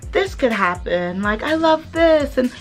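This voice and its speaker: A whiny, self-pitying young woman, put on by a vlogger with a high, lively voice. She drifts between dreamy hopes and gloomy complaints and cannot make up her mind. Soft music plays faintly underneath. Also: a little slow. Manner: high, exaggerated mocking impression.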